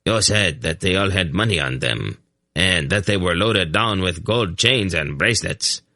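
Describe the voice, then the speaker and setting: A man voicing a rough male fur trader who grumbles indignantly. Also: low-pitched, animated, a little slow, sharp tone, no room sound, studio quality, heavily acted.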